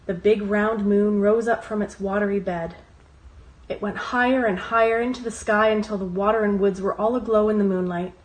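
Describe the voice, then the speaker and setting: A woman reading a children's storybook aloud in a calm, soft way. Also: medium pitch, normal speed, rough recording.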